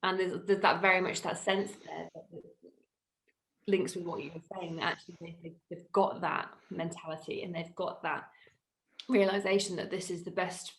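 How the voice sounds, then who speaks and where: A woman's voice: lowish voice, fairly even intonation, moderate pace, slight background noise, low-quality recording. A woman co-hosting a podcast, chatting casually about football in a chatty way. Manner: chatty, many fillers and restarts, laughs easily. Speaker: podcast co-host. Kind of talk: casual sports chat.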